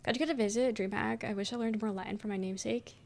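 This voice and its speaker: A woman's voice: fairly high pitch, steady tone, fast talker, creaky, a little mellow. A young adult woman streaming and chatting casually with her viewers, reading their messages aloud and rambling with lots of "um" and "like" and casual swearing. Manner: rambling, filler-heavy, swears casually, frequent "um".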